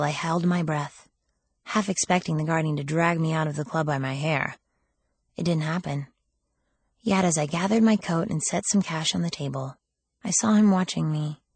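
An audiobook narrator, a woman, reads a first-person novel aloud with wry, lively storytelling. Her voice is low and slightly husky. The recording is close and dry, with no room sound and no echo.

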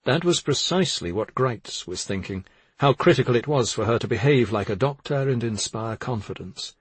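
A man narrating a thriller in a measured, subdued reading. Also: mid-range voice, animated, husky, no echo. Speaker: audiobook narrator.

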